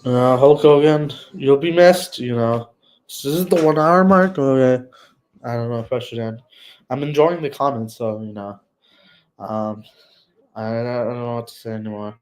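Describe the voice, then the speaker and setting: A man hosting a casual solo livestream, talking in a soft, somber, hesitant way and searching for words. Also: medium pitch, normal speed, low-quality recording. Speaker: livestream host.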